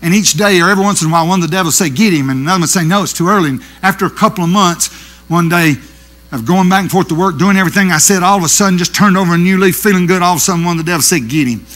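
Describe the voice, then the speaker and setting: A middle-aged man, preaching a sermon with animated storytelling that swings from loud to hushed. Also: sits high, racing.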